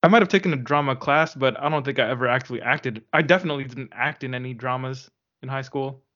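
A man's voice: mid-range voice, quick pace, a bit bright, dull audio. A man co-hosting a casual comics podcast, joking and teasing his partner in friendly banter. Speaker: podcast co-host. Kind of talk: casual chat.

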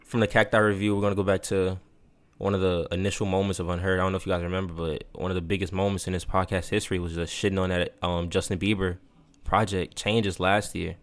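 Deep-voiced young man hosting a podcast. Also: little pitch movement, quick pace. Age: about 20. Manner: joking, leads segments, many fillers. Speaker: podcast co-host. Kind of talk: casual podcast chat.

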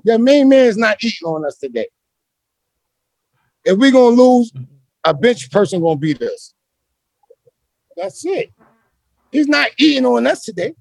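A man's voice: very high-pitched, vocal fry, a little mellow, no room sound. A man from Brooklyn, telling rambling, slangy street-basketball stories as an interview guest. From Brooklyn, New York. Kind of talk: casual storytelling interview.

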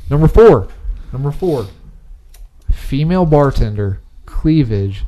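A man's voice: medium pitch, slow pace. A man hosting a casual movie quiz among friends, reading out clues playfully. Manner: animated, reads clues playfully. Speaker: quiz host.

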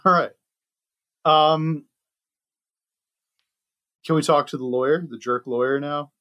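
A casual man playing a role-playing game, his bright, slightly raised voice hesitating through fillers. The sound is close and dry. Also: fairly high pitch, steady tone, takes it slowly, long pauses, dry recording. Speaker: player. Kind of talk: casual chat.

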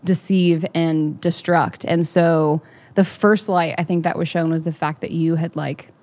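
Heartfelt woman with a lower voice. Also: fairly even intonation, unhurried, darkish tone. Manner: heartfelt, rambling with many fillers. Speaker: podcast co-host. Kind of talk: candid faith conversation.

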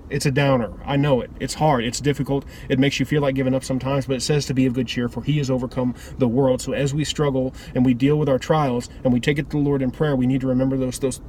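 A man's voice: mid-range voice, mellow, a little hiss or hum. A man giving an earnest, informal devotional talk that often loops back and restarts its phrases. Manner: earnest, rambling with repeated restarts. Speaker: preacher.

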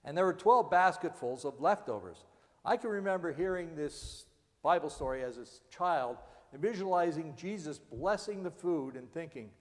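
A man's voice: a little high, lively intonation, normal speed. Man preaching in a reverberant hall. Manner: earnest preaching, dramatic readings of scripture and pleas. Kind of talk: sermon.

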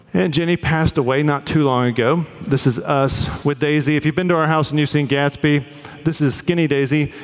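A man's voice: mid-range voice, long reverb tail. A man preaching a sermon as pastor, earnest and conversational, with fillers.

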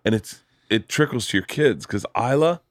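A middle-aged male host chats casually into a podcast mic, spinning stories with animated, profane energy. His voice sits at an ordinary middle pitch, and the sound is close and dry with no room around it. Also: normal speed, no echo. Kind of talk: casual chat.

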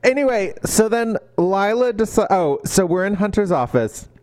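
A man co-hosting a podcast, chatting casually about a book and acting out characters' lines in quick quoted voices. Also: sits high, lively intonation, a little mellow. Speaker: podcast co-host.

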